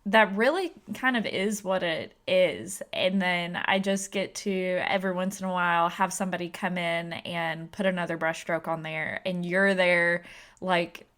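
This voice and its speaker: A woman's voice: fairly low pitch, fairly even intonation, unhurried, a bit bright. A woman, hosting a casual podcast chat in a chatty, playful way and laughing easily. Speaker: podcast host.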